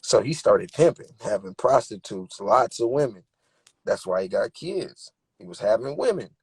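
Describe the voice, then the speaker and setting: Young male rapper, husky voice, dry close sound, emphatic streetwise storyteller. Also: lowish voice, lively intonation, moderate pace, no room sound. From Bay Area, California. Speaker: rapper and interview guest. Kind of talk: candid interview talk.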